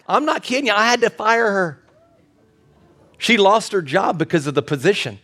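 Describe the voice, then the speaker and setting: A man's voice: high voice, sing-song, moderate pace, pauses often, sharp tone. A pastor preaching a sermon in a church service, emphatic and repetitive, with his intensity building as he goes. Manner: emphatic preaching with repeated phrases and rising intensity.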